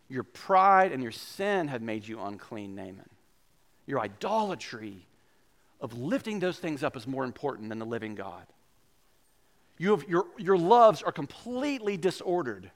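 Animated male pastor preaching. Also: a little high. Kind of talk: sermon.

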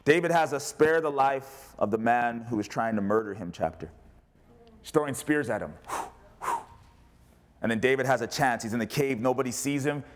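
A man preaching as a pastor, animated, rising to loud cries and dropping to quiet asides. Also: medium pitch, normal speed. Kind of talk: sermon.

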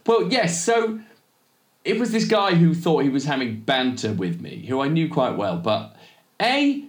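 A man's voice: a little high, very animated, a little slow, roomy sound. A man co-hosting a podcast in casual chat, rambling and cutting himself off often. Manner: rambling, self-interrupting, laughs often. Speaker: podcast co-host.

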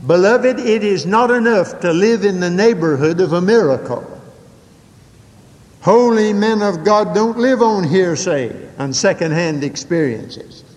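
An older man preaching a sermon, telling folksy stories with dramatic swings from quick asides to slow, drawn-out emphasis. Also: animated, a little mellow, in a large hall. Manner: folksy storytelling with dramatic swings in pitch and pace.

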